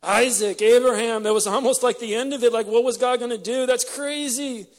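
Emotional high-voiced male preacher. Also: steady tone, fairly quick. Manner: impassioned, emotional, repeats words when stirred. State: choked up with emotion. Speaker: pastor. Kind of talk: sermon.

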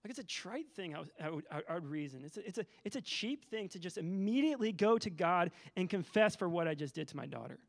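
Male preacher in his thirties, high gravelly voice, candid and halting. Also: animated. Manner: candid storytelling with many restarts and fillers. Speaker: teacher giving a church teaching. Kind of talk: sermon.

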